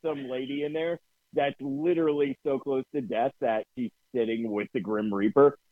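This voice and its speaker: A man's voice: medium pitch, fairly even intonation, normal speed, no echo. Ranting man with a New Jersey accent. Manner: ranting, profane storyteller. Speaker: podcast co-host. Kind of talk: casual chat. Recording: dry tinny phone-like sound.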